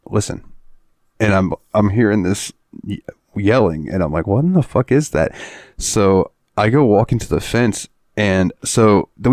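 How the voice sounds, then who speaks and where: Low-voiced, profane laughing podcast host. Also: male voice, no echo, clean studio sound. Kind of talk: casual chat.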